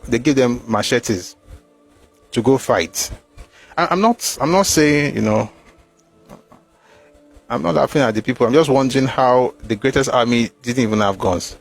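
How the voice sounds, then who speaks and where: Husky man reading and commenting. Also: medium pitch. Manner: mocking, emphatic asides between readings. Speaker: commentator reading from a war memoir.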